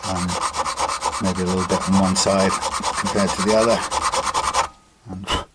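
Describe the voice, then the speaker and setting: A guitar repair tech speaks in a low-leaning voice, flat and measured, while casually demonstrating a fret repair at the bench. He thinks aloud with frequent fillers and restarts, and the loud rasp of files and sanding on metal frets sits under everything.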